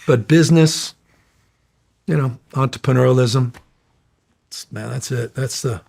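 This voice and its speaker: A middle-aged man telling stories in a casual interview, energetic, rambling and profane. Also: medium pitch, measured pace, gravelly. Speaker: interview guest.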